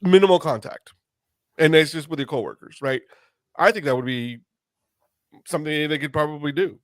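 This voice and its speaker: A man hosting an interview podcast, talking earnestly and haltingly with many restarts. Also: fairly high pitch, no echo, clean studio sound. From United States. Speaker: podcast host. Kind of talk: conversational interview.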